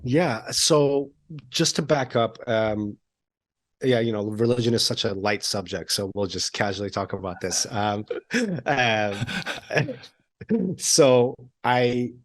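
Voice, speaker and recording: A man's voice: mid-range voice, animated, slow pace. A man in his thirties, a podcast guest, talking candidly, laughing often and acting out quoted lines in a raised voice. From Iranian heritage. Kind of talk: conversational interview.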